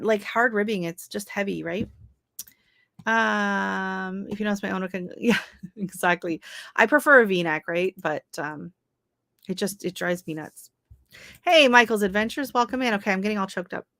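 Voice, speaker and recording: Woman, livestream host, chatty, laughs a lot, reads out chat, bright forceful voice, dry close sound. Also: mid-range voice, gravelly, dry recording. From Canada. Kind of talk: casual livestream chat with viewers.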